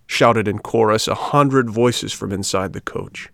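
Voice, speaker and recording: A man reading a classic children's story aloud in a measured, even way. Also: fairly low pitch, vocal fry, no room sound, studio quality. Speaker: audiobook narrator. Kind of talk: storybook narration.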